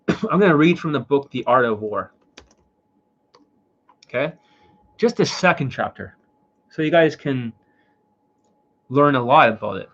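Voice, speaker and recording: Guy ranting about his students, swears a lot, keeps repeating himself, kinda husky voice, dull lo-fi sound. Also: medium pitch, fairly bright tone. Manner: blunt, profane, repetitive lecturing. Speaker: dating coach. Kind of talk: casual livestream rant.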